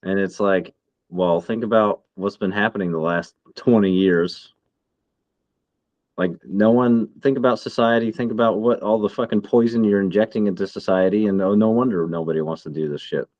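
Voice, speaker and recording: A man's voice: lowish voice, fairly even intonation, moderate pace, a little mellow, no echo, highs cut off. A man in his thirties co-hosting a casual podcast chat, heated and swearing a lot. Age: 30s. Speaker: podcast co-host.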